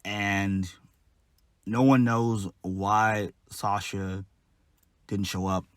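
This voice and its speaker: A man's voice: on the low side, level tone, very slow, clear, resonant tone, no echo. A man giving a casual solo wrestling review, blunt, exasperated and profane.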